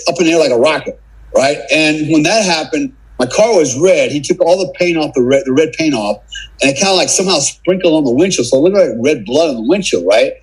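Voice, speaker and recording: A man's voice: on the high side, breathy edge, rough recording. A middle-aged man from the United States, a podcast guest telling a casual story with swearing, tagging lines with "man" and "right?". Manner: salty, swearing, keeps adding "man" and "right?".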